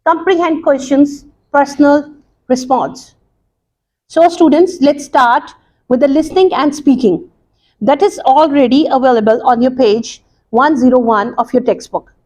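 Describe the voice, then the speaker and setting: Woman English teacher, high voice, slow, deliberate lesson delivery. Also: a little mellow. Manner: slow, deliberate explaining with many pauses and repeats. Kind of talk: recorded classroom lesson.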